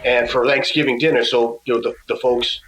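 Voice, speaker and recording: A man's voice: mid-range voice, little pitch movement, fairly quick, fairly bright tone, reverberant, a little hiss or hum, poor audio. A man guesting on an interview, telling stories in a casual way and acting out the other people's lines. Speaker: musician guest.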